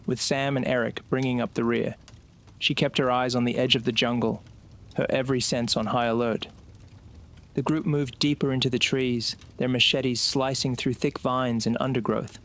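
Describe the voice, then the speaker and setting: A man reads a scripted horror story aloud. He keeps a slow, suspenseful delivery. His voice sits at a middle pitch for a man. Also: a bit bright. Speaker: narrator.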